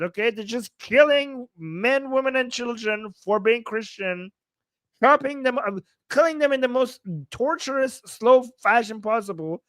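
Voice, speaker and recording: High-voiced man ranting sarcastically. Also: animated, measured pace, fairly bright tone, dry recording. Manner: sarcastic, combative, swears often. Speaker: political commentator reacting to a news clip. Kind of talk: reaction commentary.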